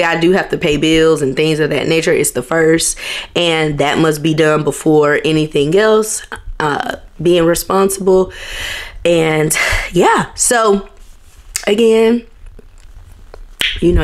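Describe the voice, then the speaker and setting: A woman in her thirties chatting casually to her vlog viewers, emotional and quick to get teary. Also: lowish voice. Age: 30s. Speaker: vlogger.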